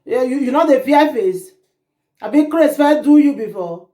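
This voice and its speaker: Woman doing an angry scolding husband, high. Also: expressive, moderate pace. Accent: Nigerian Pidgin. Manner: scolding, shouting demands. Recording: roomy echo.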